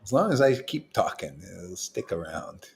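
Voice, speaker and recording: A man leading a gathering of devotees, preaching in a loose, slangy, teasing way, with his voice swinging from loud bursts to quiet asides. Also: sing-song, moderate pace, creaky. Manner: emphatic and slangy, with swings in loudness and pitch; teasing, playful jokes between serious points. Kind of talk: informal preaching to a small group.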